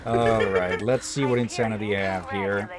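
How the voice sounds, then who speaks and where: A man's voice: lowish voice, steady tone, normal speed. A man streaming a game with friends, cracking crude jokes in casual chat. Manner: crude joking, reading game text aloud.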